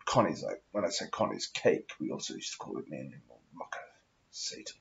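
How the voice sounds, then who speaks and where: A man's voice: extremely low pitch, sing-song, fairly quick, vocal fry, fairly bright tone, highs cut off. A man with a posh English accent, rambling through a sweary, self-mocking vlog monologue while smoking. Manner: profane, meandering, self-mocking asides. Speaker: vlogger.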